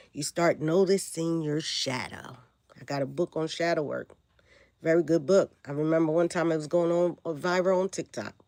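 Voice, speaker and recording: A woman with a flu-raspy voice hosting a casual spiritual livestream, preaching and checking in with her viewers. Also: deep voice, darkish tone, no echo. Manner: preachy, asks viewers if they follow.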